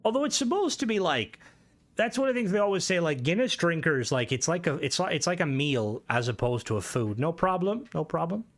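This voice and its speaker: A man's voice: a little high, expressive, brisk. A young Irish man chatting casually on a game stream, rambling, swearing freely and answering chat.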